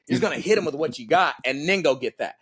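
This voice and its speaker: A man's voice: fairly high pitch, fast talker, husky. A man who is a guest on a podcast and works as a combat coach, talking casually and acting out quoted lines as he tells stories. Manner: animated storyteller, acts out quotes, peppers talk with "right?" and "bro".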